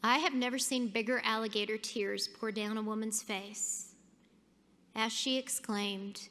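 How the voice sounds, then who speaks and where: A woman's voice: fairly high pitch, steady tone, a little slow, bright, forceful tone. A woman giving a keynote speech, telling a personal story with animation and acting out the people in it. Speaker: keynote speaker. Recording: long hall reverb.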